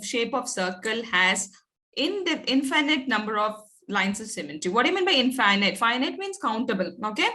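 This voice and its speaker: Woman teacher, higher-pitched, online class, patient coaxing, fillers. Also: sharp tone.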